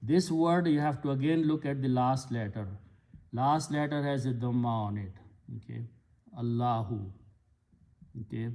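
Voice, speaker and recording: A man's voice: mid-range voice, a little mellow. A man giving a patient, step-by-step lecture on Arabic grammar and vocabulary. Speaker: Quran Arabic teacher. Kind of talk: slow explanatory lecture.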